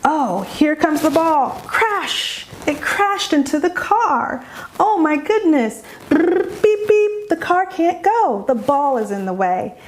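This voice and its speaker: A woman's voice: sits high, lively intonation, slow pace, a little hiss or hum, voice pushed up. A woman voicing a mother who plays with her toddler in an exaggerated, sing-song way, drawing out her words. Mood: playful.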